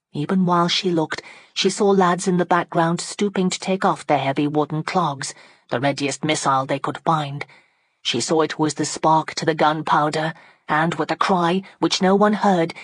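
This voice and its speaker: A woman narrating an audiobook in a steady, dramatic storytelling manner on a close microphone. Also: sits low, dry recording. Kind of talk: scripted narration.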